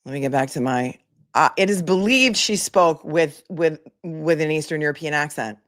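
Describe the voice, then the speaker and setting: A woman's voice: deep voice, normal speed. A woman attorney giving casual commentary, chatty and incredulous, reading posts aloud. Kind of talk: casual commentary on a legal case.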